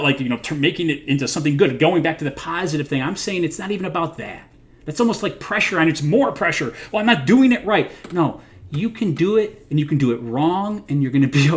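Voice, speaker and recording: A man hosting a live talk from home, speaking earnestly and encouragingly, laughing softly at himself now and then. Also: on the high side. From United States. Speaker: host of a livestream. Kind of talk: casual motivational talk.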